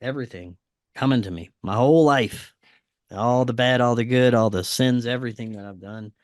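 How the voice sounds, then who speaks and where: Man, podcast guest, casual storytelling, middle pitch, dry close sound, hushed quoted lines. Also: normal speed, dry recording. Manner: acts out quoted dialogue in a quieter voice; frequent fillers and restarts, animated retelling. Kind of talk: casual first-person storytelling.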